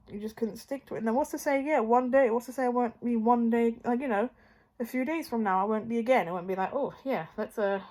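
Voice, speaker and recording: A woman's voice: medium pitch, a little mellow. Candid woman vlogging, rambling and frank. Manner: rambling and candid, often dropping to a near whisper; swears casually. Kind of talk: casual personal vlog.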